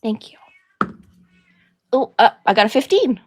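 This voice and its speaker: Woman player, quite high voice, halting and apologetic. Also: very animated, a little mellow. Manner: apologetic, halting, many fillers. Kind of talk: tabletop role-play.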